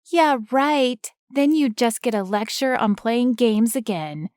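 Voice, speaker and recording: A cheeky nine-year-old girl, smug and playful, her voice bouncing high and light, as a woman narrator puts her on. She sounds smooth and close, with no room around her. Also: slow pace, darkish tone, no echo. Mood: teasing. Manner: teasing, bouncy kid voice.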